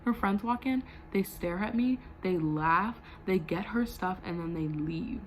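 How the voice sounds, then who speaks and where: A woman's voice: mid-range voice, measured pace, a little hiss or hum, low-quality recording. A young adult woman telling a storytime vlog in a heated, profane way, full of "like" fillers. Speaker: vlogger.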